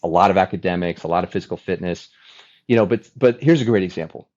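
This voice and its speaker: A man in his forties, a former fighter pilot, telling his story as a podcast guest in an animated, chatty way with many restarts. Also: deep voice, fast, lo-fi sound. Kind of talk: casual storytelling interview.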